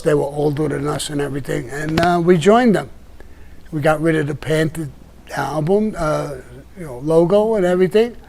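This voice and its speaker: A man's voice: fairly high pitch, creaky, darkish tone. An older man with a Brooklyn accent, telling stories in a rambling, casual way full of restarts. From Brooklyn, New York. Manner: rambling, with many restarts and "you know". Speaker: podcast guest telling stories. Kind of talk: casual storytelling chat.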